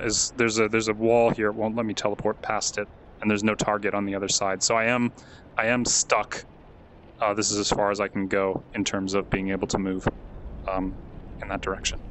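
A man's voice: lowish voice, a bit bright, a little hiss or hum. A man commentating a live game stream, chatty and easily amazed, reading out and thanking viewers.

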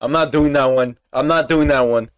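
A young man streaming, reacting to clips with excitable, slangy chatter and frequent laughter. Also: medium pitch, normal speed, clean tone. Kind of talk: casual reaction stream chat.

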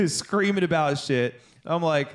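A man's voice: on the high side, lively intonation, slow. A man co-hosting a podcast, chatting casually and swearing a lot as he rambles through stories. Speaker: podcast co-host. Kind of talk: casual chat.

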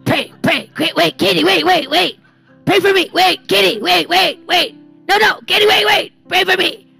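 A woman's voice: very high voice, normal speed, gravelly, sharp tone, faint music behind, voice pushed up, heavily acted. A woman voicing a pleading, insistent woman with a stiff neck who keeps begging for prayer. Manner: repetitive, urgent, nagging.

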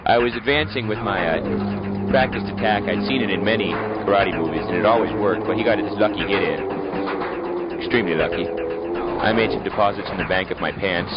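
A Canadian man narrates with deadpan, rambling asides in a very low voice. The recording sounds dull and lo-fi, with music underneath. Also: fairly quick.

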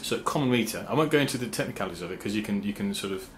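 A man talking casually to his viewers about songwriting, halting with fillers and restarts, and now and then humming rhythm syllables. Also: fairly low pitch, lively intonation, a bit bright, slight background noise. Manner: sings rhythm syllables to explain meter. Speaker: songwriter and channel host. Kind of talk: casual talk to camera.

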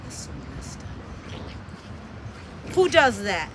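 A woman filming and commenting casually on her dogs, scolding them playfully, laughing, and loudly calling for her things back, recorded outdoors on a phone. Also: on the high side, sing-song, takes it slowly, over music. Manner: loud pleading calls.

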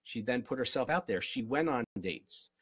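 A man's voice: medium pitch, lively intonation, moderate pace, breathy edge, no room sound. A man, a relationship coach, answers viewers' questions in an earnest, encouraging live-stream Q&A and repeats his key phrases. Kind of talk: live-stream Q&A, motivational advice.

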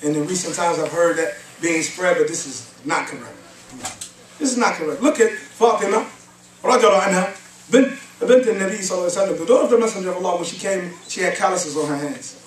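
A fast-talking man with a high voice delivers a religious lecture in a mosque hall, quoting Arabic verses and asking the audience rhetorical questions like "huh?" and "what?". The echoey hall is picked up by a distant mic, with faint hiss in the background.

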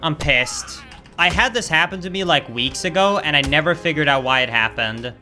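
A man's voice: a little high, moderate pace. A young man streaming a speedrun who exclaims often and keeps saying "dude", with faint game music behind him. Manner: excitable, exclaims often, says "dude" a lot. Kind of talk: live gameplay commentary.

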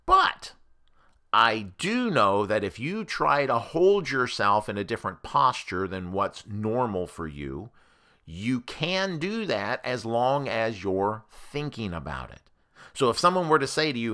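A man's voice: mid-range voice, measured pace. A man, a therapist, giving a conversational educational talk that compares treatment methods. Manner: animated, conversational explainer.

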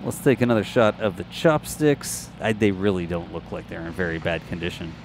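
A man's voice: low-pitched, steady tone, a little fast, slight background noise. A man hosting a show, narrating launch site footage in a casual, jokey, think-aloud voice-over.

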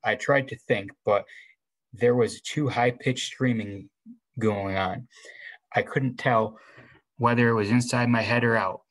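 A man's voice: mid-range voice, steady tone, measured pace, poor audio. A man reading a novel aloud in the first person, stumbling and restarting now and then. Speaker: reader.

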